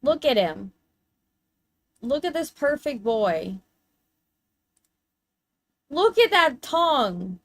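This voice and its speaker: A woman's voice: on the high side, very animated, takes it slowly, long pauses, no echo. A woman streamer chatting casually while showing pictures, gushing and cooing in baby talk, with casual swearing.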